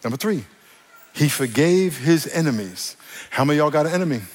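A man's voice: on the high side, lively intonation, fairly quick, long reverb tail. A man preaching a sermon, talking directly to the congregation in a playful, joking way. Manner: playful, joking with the congregation, acts out quoted voices; addresses the audience directly. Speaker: pastor.

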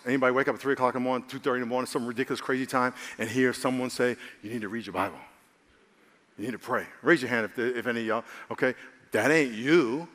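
A man preaches in a loose, conversational way and keeps calling on the congregation to answer him. His voice sits a little high. The sound carries a long reverb from the church hall. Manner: lively, conversational preaching with call-and-response. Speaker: pastor. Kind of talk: sermon. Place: church sanctuary.

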